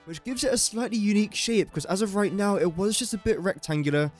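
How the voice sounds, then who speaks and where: A young English gaming YouTuber with an English accent chats through his gameplay as he builds, poking fun at himself along the way. His voice is high and fast, with soft music playing in the background.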